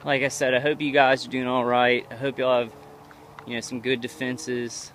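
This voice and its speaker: A man vlogging while he walks outdoors at night, speaking in a rambling, halting way with many restarts into a handheld camera. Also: mid-range voice, level tone, a bit bright, slight background noise. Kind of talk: casual walking vlog monologue.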